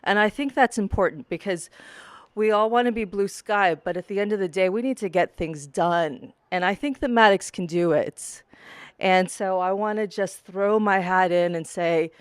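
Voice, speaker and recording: A woman's voice: medium pitch, clean tone, no echo. A woman giving a sincere, grateful endorsement of a local candidate. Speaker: community supporter. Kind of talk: informal spoken endorsement.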